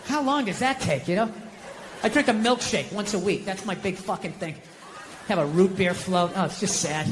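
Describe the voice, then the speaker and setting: A man's voice: high voice, normal speed, long reverb tail, some chatter behind, slight background noise, poor audio. Profane, ranting American comedian man. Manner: ranting, profane, sarcastic, swings between muttering and yelling. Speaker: stand-up comedian. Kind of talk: stand-up comedy.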